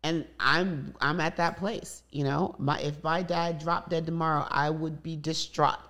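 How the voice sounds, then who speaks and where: Low gravelly-voiced woman telling stories. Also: steady tone, unhurried, fairly bright tone. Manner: open, storytelling with many asides. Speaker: guest. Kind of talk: candid conversation.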